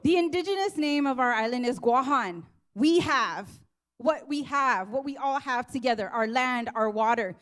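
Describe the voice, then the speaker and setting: A woman's voice: high-pitched, expressive, moderate pace, a bit bright. A woman from Guam speaking at a teach-in, an earnest and impassioned activist giving a rally speech. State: emotional, near tears. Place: teach-in event hall.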